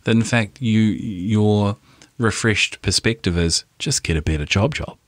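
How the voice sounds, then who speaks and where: A man's voice: fairly low pitch, a little slow, no echo. A man co-hosting a podcast, casual and wry, with blunt joking asides. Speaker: podcast co-host.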